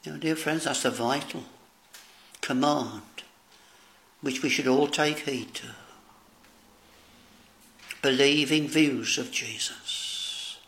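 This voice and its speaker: A man's voice: medium pitch, fairly bright tone. A man preaching a solemn sermon, addressing "dear friends" and quoting old-style scripture. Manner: slow, solemn preaching with archaic scripture phrasing.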